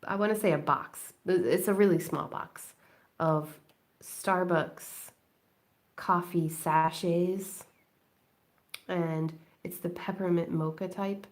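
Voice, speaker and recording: A woman's voice: lowish voice, fairly even intonation, slow pace. A woman hosting a late-night crafting live stream from home, rambling and chatty and laughing often. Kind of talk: late-night casual chat while crafting. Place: at home indoors.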